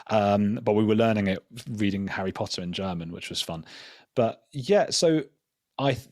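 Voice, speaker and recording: Guy, lowish voice, rambly self-deprecating storyteller, says "like" a lot, dry sound. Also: moderate pace, a little mellow, no echo. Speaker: journalist and podcast guest. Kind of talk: casual storytelling in an interview.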